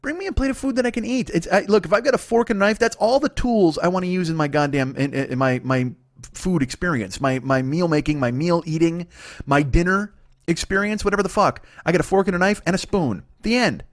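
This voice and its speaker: A man in his forties hosting a comedy podcast, riffing through a profane, excitable monologue. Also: high-pitched, a little fast, dry recording, clean studio sound. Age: 40s.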